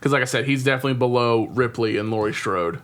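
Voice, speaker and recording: A man's voice: medium pitch, fast talker. A man hosting a podcast in casual chat, laid-back, often laughing and sighing. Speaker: podcast host.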